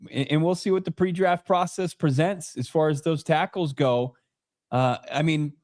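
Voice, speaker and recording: A man's voice: mid-range voice, a little mellow. A man co-hosting a casual sports podcast, talking in a dry, self-mocking way with frequent restarts. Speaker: podcast co-host.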